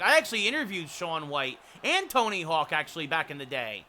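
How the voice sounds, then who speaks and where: Over slight background noise, a man with a higher voice speaks briskly to his livestream viewers. He's chatty while playing a hockey video game and breaks into excited play-by-play calls.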